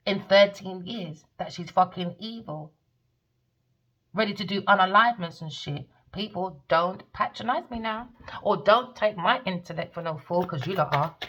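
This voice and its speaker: A woman's voice: mid-range voice, creaky, a bit bright, husky, lo-fi sound. Lady tarot reader ranting, swears a lot, mocks people in a sing-song voice. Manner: scornful, profane, mocking sing-song taunts.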